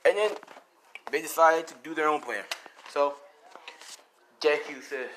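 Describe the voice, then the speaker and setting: A man's voice: fairly high pitch, unhurried, pauses often, a bit bright, a little hiss or hum, rough recording. A man casually telling a fan story, rambling, with lots of fillers and swearing.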